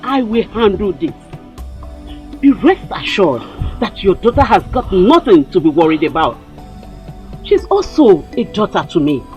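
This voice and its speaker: A confident, animated mother figure, faint music behind. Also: medium pitch, unhurried, pauses often, lo-fi sound. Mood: reassuring. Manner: soothing, lively and assured. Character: reassuring mother of a prince. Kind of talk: Nollywood film acting.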